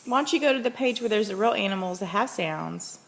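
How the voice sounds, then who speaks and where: Coaxing mom over loud home noise. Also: female voice, medium pitch, animated, quick pace, vocal fry. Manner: patient, coaxing questions to a toddler. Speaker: parent. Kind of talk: reading a picture book with children.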